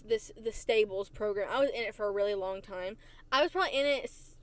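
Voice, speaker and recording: A woman with a fairly high voice hosts her own podcast and tells stories in a casual, animated way. She repeats her points for emphasis and speaks into a desk microphone at home. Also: no room sound. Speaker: podcast host. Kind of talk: casual storytelling.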